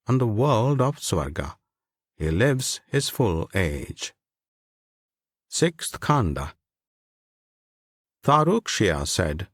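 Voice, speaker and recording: Slow, solemn male scripture reader. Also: mid-range voice, dry recording, studio quality. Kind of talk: scripted narration of a sacred text.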